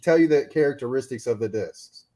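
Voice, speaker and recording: A man's voice: mid-range voice, animated, brisk, over a noisy crowd. A man chatting as a guest on a video podcast, explaining things at length and with enthusiasm. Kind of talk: casual chat.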